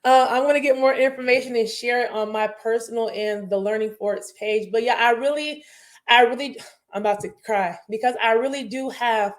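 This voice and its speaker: A woman's voice: fairly high pitch, moderate pace. A young woman teacher and host talking earnestly and passionately in a casual panel chat, rambling with many fillers.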